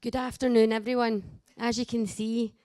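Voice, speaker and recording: A woman's voice: on the high side, level tone, moderate pace, darkish tone, no echo. A woman speaking as a carer at a conference, direct and earnest. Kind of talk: conference talk.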